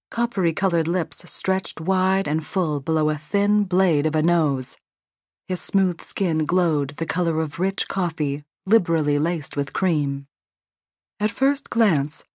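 Female audiobook narrator, low register, dry studio read. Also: a little mellow, dry recording. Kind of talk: scripted narration.

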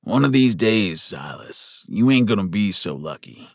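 A man's voice: fairly low pitch, big pitch swings, a little slow, no room sound, clean studio sound, full character voice. A man doing a blunt young deputy. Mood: stern. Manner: blunt, sharp. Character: stern young deputy, protective brother.

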